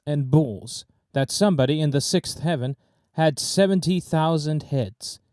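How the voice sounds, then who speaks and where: A man's voice: fairly high pitch, dark tone, dry recording. Man narrating a classic tale, dry close sound. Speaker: audiobook narrator. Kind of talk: scripted storybook narration.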